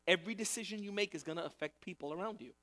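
A man's voice: high voice, rapid-fire, sharp tone. A male pastor preaching a sermon in a conversational way, repeating key phrases for emphasis.

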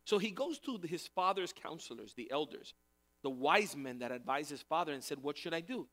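A man's voice: a little high, very animated, normal speed, fairly bright tone. Man preaching a conversational sermon. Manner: conversational preaching with emphatic repetition. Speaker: pastor.

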